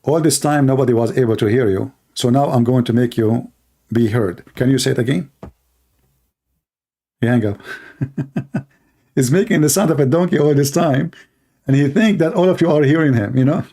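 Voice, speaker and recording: A man hosting a call-in livestream, talking casually, mocking and laughing at callers and repeating words in quick bursts. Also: mid-range voice, mellow. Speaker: livestream host taking calls.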